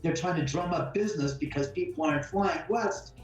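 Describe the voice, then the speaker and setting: A man's voice: on the high side, brisk. A chatty man guesting on a show, telling stories with energy and slipping into the voices of the people he quotes. He sits some way from the microphone in a strongly reverberant room. Faint music plays behind him. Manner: talkative, animated, acts out quotes. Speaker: homeowner guest. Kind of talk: casual conversational storytelling. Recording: very echoey room, far from mic, faint music.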